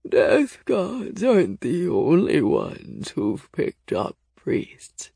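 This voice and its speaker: A woman voicing an ancient, stooped blind priest of no clear sex, who speaks in a slow, creaky, scratchy half-whisper. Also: deep voice, huge pitch swings, dark tone, no echo, clean studio sound, full character voice. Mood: cryptic.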